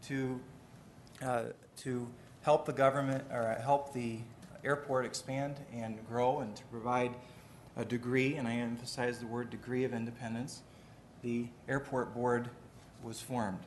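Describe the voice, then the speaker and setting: A man, the mayor, giving a measured, deliberate formal address at a city committee meeting in a council chamber. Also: medium pitch, fairly even intonation, a little hiss or hum.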